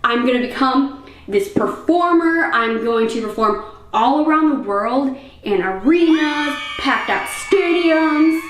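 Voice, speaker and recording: A woman's voice: a little high, animated, measured pace, fairly bright tone, slight background noise. A young woman vlogging casually at home on a camera mic. She rambles and fills her talk with "like" and "um". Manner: chatty and rambling, full of "like" and "um". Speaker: fitness vlogger. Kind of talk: casual vlog chat. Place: room at home. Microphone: camera microphone. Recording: roomy echo.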